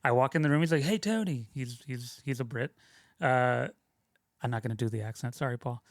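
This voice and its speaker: A man's voice: mid-range voice, fairly even intonation, a little fast, no room sound. Rambling male guest, dry close sound. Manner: loose, rambling, lots of fillers and restarts. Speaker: guest, film sound mixer. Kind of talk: casual interview storytelling.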